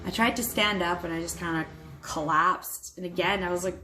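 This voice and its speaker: A young adult woman telling a personal story to camera in a vlog, candid and quick to swear, with nervous little laughs. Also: lowish voice, sharp tone, rough recording. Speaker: vlogger.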